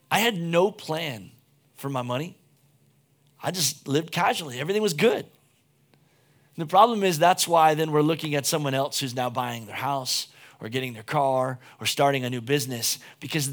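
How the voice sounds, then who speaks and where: A man's voice: on the high side, normal speed. A young adult man preaching a casual sermon, telling stories with frequent restarts. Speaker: pastor.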